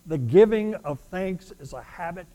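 A man preaching a sermon as a pastor, pressing his points with loud declarations and then dropping to quiet asides. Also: sits high, expressive, moderate pace, slight background noise, rough recording.

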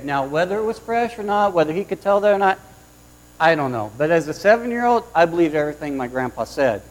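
A man preaching a sermon, opening with a lively personal story and acting out the voices of the people in it. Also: on the high side, fairly quick, low-quality recording. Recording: mains hum underneath.

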